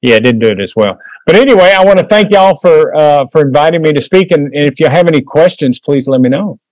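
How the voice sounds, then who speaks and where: A man's voice: on the high side, expressive, fairly quick, darkish tone, no echo, rough recording. A man giving a casual history talk, taking audience questions with lots of fillers. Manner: folksy, conversational, many fillers. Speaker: guest speaker. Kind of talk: history lecture and Q&A. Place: meeting room.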